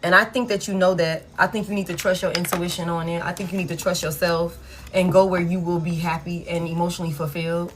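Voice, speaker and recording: A woman's voice: on the low side, little pitch movement, quick pace, background noise. A woman giving a casual live tarot reading, blunt and frank, swearing freely and repeating herself for emphasis. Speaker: tarot reader.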